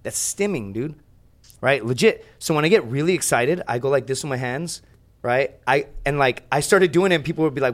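Guest storyteller, man, rapid-fire, profane, mid pitch. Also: lively intonation. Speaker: guest, reality show contestant. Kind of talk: casual podcast chat.

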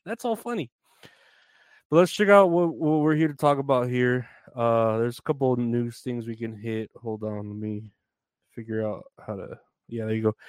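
A man's voice: mid-range voice, darkish tone, no echo. Solo podcast host, male, loose and self-mocking, recorded dry and close. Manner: rambling, filler-heavy, self-mocking. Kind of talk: casual solo podcast chat.

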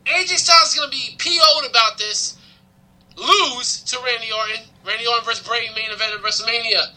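A man co-hosting a podcast in casual chat, excitable and quick to raise his voice. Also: very high-pitched, poor audio. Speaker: podcast co-host.

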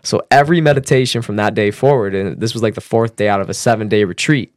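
A man telling a personal story as a podcast guest, casual and animated, swearing and using fillers. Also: quick pace, no echo, clean studio sound. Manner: animated, acts out quotes with raised pitch.

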